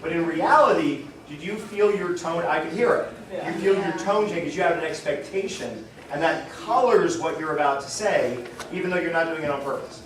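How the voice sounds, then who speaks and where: A man's voice: fairly high pitch, a little fast. Chatty man presenting in an echoey hall. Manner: chatty and rambling, with many fillers and restarts. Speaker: panel presenter. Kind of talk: casual talk to a live audience. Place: convention panel room. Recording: echoey room, mic far off.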